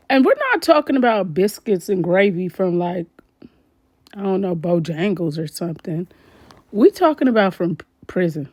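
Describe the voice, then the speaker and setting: Woman vlogger, casual commentary, animated, exclaiming, talks to viewers, dry close sound. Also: lowish voice, moderate pace, no echo.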